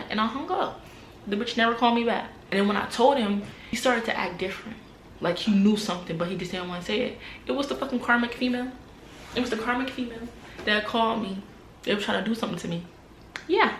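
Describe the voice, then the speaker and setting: A woman's voice: a little high, a bit bright, a little hiss or hum. Blunt profane young woman ranting, echoey. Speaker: vlogger. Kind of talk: storytime rant to camera. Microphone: camera mic.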